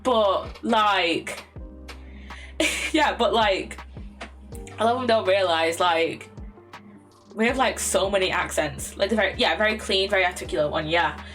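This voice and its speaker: A woman's voice: mid-range voice, measured pace, long pauses, a bit bright. Young english woman rambling on stream, lots of likes and ums, swears and laughs, faint lofi music under her. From England. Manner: rambling, lots of fillers and repeated phrases, swears, laughs often. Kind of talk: casual live-stream chat.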